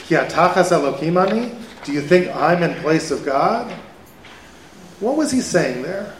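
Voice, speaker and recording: A man, a rabbi, giving a lively conversational Torah lecture to a live audience and asking them questions. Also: sits high, normal speed, slight background noise. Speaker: rabbi teaching a Torah class. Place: event hall with an audience. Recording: echoey hall.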